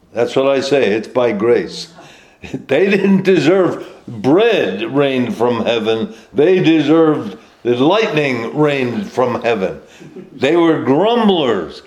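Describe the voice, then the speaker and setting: Male preacher, slightly high voice, slow deliberate delivery with filler pauses. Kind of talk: sermon.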